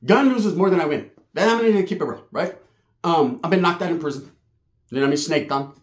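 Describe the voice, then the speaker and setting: A man telling a profane, animated street story on his channel, slipping into voices for the people he quotes. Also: fairly high pitch, quick pace. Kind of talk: casual storytelling vlog. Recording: roomy echo.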